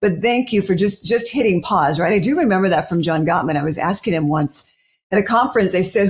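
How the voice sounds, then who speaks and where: A woman's voice: on the low side, brisk. A woman co-hosting a podcast interview, chatty and self-deprecating in an easy conversational way. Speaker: podcast co-host. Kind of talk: casual interview talk.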